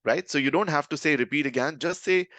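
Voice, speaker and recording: A man's voice: fairly high pitch, brisk, fairly bright tone, no room sound. A man teaching a live online lesson, conversational and often checking in with his listeners. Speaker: communication trainer.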